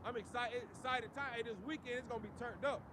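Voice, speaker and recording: High-voiced man street preaching. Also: fast talker. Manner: emphatic, preachy, peppers lines with "man" and "you see". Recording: outdoor street noise behind.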